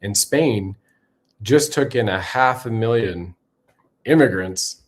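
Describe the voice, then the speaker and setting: A man's voice: on the low side, lively intonation, slow. A man hosting a political commentary show, talking emphatically and conversationally with frequent fillers. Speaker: show host.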